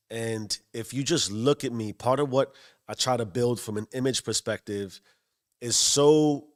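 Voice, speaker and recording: A man's voice: mid-range voice, dry recording. Musing Bronx-raised man, dry close voice. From South Bronx, New York. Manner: musing, repeats phrases, addresses viewers warmly. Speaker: self-improvement vlogger. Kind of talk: early-morning reflective monologue.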